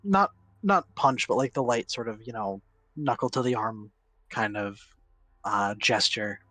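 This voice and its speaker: A man running a tabletop game, answering players with a dry, wry wit. His voice sits close to the mic with no room sound at all. He speaks at an everyday middle pitch. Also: measured pace, pushed and bright, dry recording. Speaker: game master. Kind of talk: narrating and voicing characters in a tabletop game.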